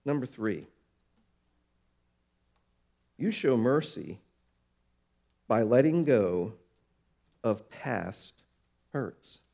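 A man preaching a sermon, slowing down for emphasis and swinging between soft, low lines and louder, higher ones. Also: animated, vocal fry. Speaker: pastor.

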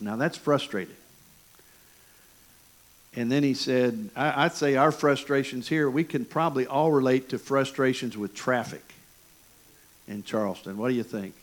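A man preaching a sermon through folksy stories. He is animated and chatty and keeps turning to his listeners with asides. His voice sits at an ordinary middle pitch. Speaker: pastor. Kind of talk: storytelling sermon.

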